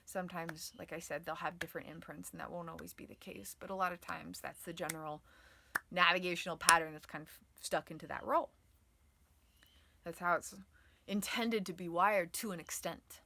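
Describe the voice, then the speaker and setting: A woman's voice: fairly low pitch, fairly even intonation, fairly quick, vocal fry, background noise. A woman giving an online lesson on the nervous system, explaining with many fillers and sometimes acting out inner voices. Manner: explanatory, filler-heavy with frequent "like" and "um"; acts out inner voices dramatically. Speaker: trauma and nervous-system educator. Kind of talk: online teaching video.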